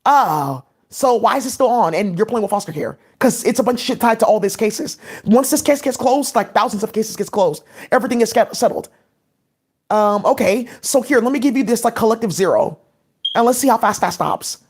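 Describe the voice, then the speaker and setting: Fast, rambling woman vlogger. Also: a little high, expressive, husky. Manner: rapid, scattered, many "like" fillers. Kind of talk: rambling casual monologue.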